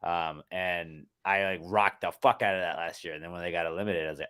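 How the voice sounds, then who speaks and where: A man's voice: deep voice, steady tone, quick pace, hardly any pauses, bright, forceful tone, clear, resonant tone. A young man co-hosting a casual podcast chat, rambling, swearing freely and slipping into silly voices. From Texas. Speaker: podcast co-host.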